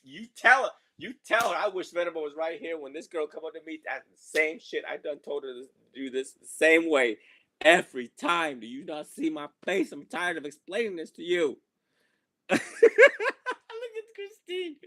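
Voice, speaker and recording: A man's voice: a little high, sing-song, moderate pace, pushed and bright, dry recording. A man teaching a group on a call, in a casual, playful dharma talk, laughing often and mimicking his students. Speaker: Buddhist monk teaching a group. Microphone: video or phone call.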